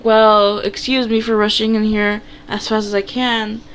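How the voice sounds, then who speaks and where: A woman's voice: mid-range voice, flat delivery, unhurried, a little hiss or hum, lightly acted, rough recording. Woman reading an over-dramatic big brother in a story game; teasing. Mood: indignant.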